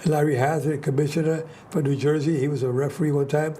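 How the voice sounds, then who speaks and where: An older man hosts a casual talk show, telling long stories in a rambling way and restarting his sentences often. He talks quickly in a slightly high, mellow voice. A faint hiss sits under the recording. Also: little pitch movement. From New York. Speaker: host. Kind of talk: casual chat.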